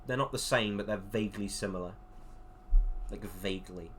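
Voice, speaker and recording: A man's voice: on the low side, normal speed, fairly bright tone, a little hiss or hum. An English man judging art contest entries, chatting casually and jokingly on an online voice call. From England. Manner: rambling and jokey, frequent laughs. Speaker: contest judge.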